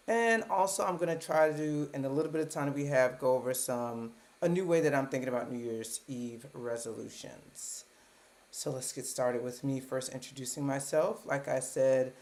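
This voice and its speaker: A woman's voice: extremely low pitch, a little mellow. A woman in her thirties from Baltimore, a psychiatrist hosting her own live stream, talking casually at a computer webcam with joking asides about herself. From Baltimore, United States.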